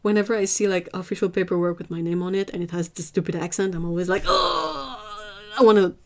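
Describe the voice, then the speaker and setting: A woman hosting an art livestream, chatting casually with viewers, emphatic and lively. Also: fairly low pitch, fast, crowd noise. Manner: chatty, answers viewers' chat.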